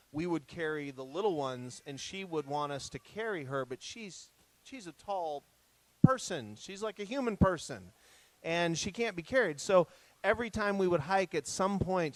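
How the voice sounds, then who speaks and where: A man's voice: on the high side, normal speed, no room sound, rough recording. Man telling funny family stories. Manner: lively anecdotal storyteller. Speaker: guest speaker. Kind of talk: humorous family storytelling talk. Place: retreat center talk.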